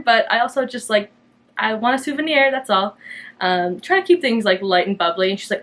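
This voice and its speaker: This young Canadian woman hosts a knitting podcast, chatting casually to camera in a loose, rambling way full of fillers and little restarts. Her fairly high voice swings widely in pitch, moves at a brisk clip, and leaps up brightly each time she quotes herself.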